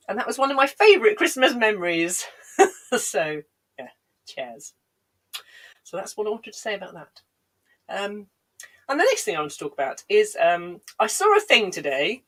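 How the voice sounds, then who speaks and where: A woman's voice: medium pitch, huge pitch swings, normal speed, pauses often, low-quality recording. Woman, comedian, slightly congested, lingering cough, rambling digressive stories, dry self-deprecating asides, home livestream mic. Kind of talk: rambling comic storytelling on a livestream.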